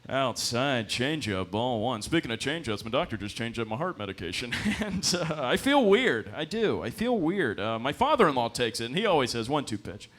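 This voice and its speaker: A man's voice: mid-range voice, sing-song, normal speed, few pauses, a bit bright. A man playing a male baseball commentator who calls the game in a raised voice and keeps drifting into personal stories. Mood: rambling. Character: male baseball commentator, bored, rambling off-topic.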